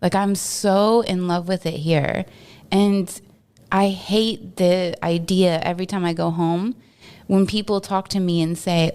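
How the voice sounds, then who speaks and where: A woman from Texas, a podcast guest, telling stories in an animated, casual way and laughing often. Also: lowish voice, a little slow, clean tone. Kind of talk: casual storytelling interview.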